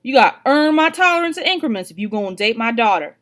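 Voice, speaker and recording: A woman's voice: a little high, expressive, fast talker, a bit bright, voice pushed up. A woman voicing a stern, protective father who talks bluntly in slang, in a storybook reading. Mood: gruff.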